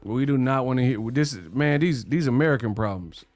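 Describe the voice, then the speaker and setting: A man hosting a boxing livestream, talking in animated slang and laughing often. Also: medium pitch, a little fast, soft background music. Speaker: boxing channel host. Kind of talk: livestream commentary.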